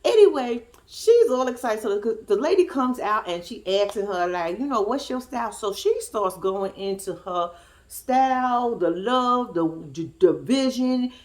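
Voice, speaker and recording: A woman with a fairly high, lively voice gives casual recap commentary. She swoops up and down, cusses freely and laughs her way through the story. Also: a little slow. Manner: animated, profane and laughing. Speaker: host.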